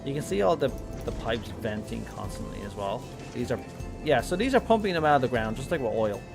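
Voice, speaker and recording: A man's voice: mid-range voice, very animated, fairly quick, creaky, over music. Rambling Irish man streaming a game. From Ireland. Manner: rambling, full of "like" and self-corrections. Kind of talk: casual live-stream commentary.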